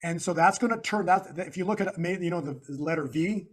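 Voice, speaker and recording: A man's voice: high voice, brisk. A man being interviewed, walking through slides in an emphatic, repetitive, preacher-like way. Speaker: guest analyst.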